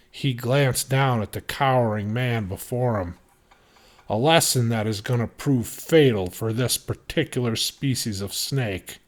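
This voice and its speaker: A man reading a novel chapter aloud in steady, measured narration. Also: medium pitch. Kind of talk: audiobook reading.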